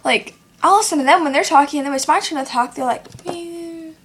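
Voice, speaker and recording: High-voiced teen girl ranting rambly. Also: quick pace, slight background noise. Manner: rambling, filler-heavy, acts out quoted people. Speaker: vlogger. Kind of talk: casual rant to camera. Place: at home, seated in a chair. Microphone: self-recorded camera.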